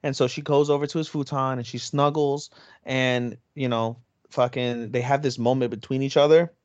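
A man's voice: medium pitch, moderate pace, no echo, dull audio. A man co-hosting an anime podcast, retelling an episode in casual chat with lots of swearing and energy. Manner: energetic retelling, swears freely, slips into Japanese phrases. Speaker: podcast co-host.

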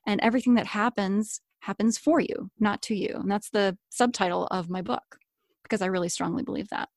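A woman chatting in an interview about her work as a story coach and podcaster, talking in a lively, playful way and laughing often. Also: mid-range voice, a little fast, no room sound, clean studio sound. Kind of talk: casual interview chat.

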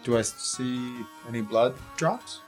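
A man's voice: medium pitch, measured pace, soft background music. A young man playing a tabletop game, talking casually and hesitantly. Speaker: player.

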